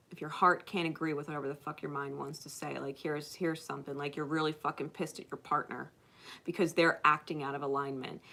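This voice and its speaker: A woman giving spiritual advice to her viewers in a blunt, profane, impassioned monologue that swings from loud to hushed. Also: sits low, vocal fry, slight background noise. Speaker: spiritual channel host.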